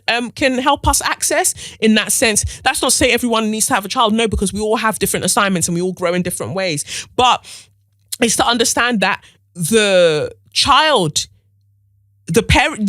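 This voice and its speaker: A woman's voice: medium pitch, fairly bright tone, no room sound. A woman hosting a podcast, giving outspoken, profane, slang-filled commentary. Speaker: podcast host.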